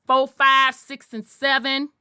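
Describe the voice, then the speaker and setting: A woman hosting a podcast, delivering a forceful, profanity-laced monologue in a preachy way. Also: high-pitched, flat delivery, takes it slowly, no room sound, clean studio sound. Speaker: podcast host.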